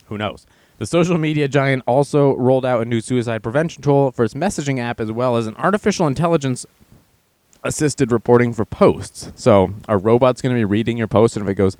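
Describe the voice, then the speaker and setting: A man's voice: mid-range voice, a little fast, a little mellow, no echo. A man hosting a casual news show, reading stories aloud and mocking them with sarcastic asides. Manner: sarcastic, mocking with put-on voices; reads headlines then riffs on them. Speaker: show host.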